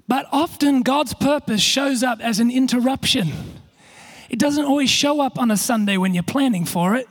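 A man preaching a sermon, telling a story with self-deprecating humour and frequent restarts. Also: extremely high pitch. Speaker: pastor.

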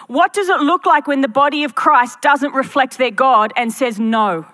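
A woman's voice: sits high, moderate pace, bright, forceful tone. Earnest woman preaching a sermon. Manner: earnest, rhetorical questions to the congregation. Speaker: pastor. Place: church.

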